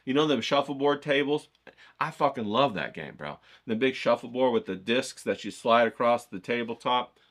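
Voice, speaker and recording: An excitable man leads a casual lesson, wandering off topic and swearing freely. His voice is bright and forceful, and he keeps checking in with "okay?" and calling you "bro". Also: mid-range voice, normal speed. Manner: loud, profane, goes off on tangents. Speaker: art course instructor. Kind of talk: casual, rambling video lesson.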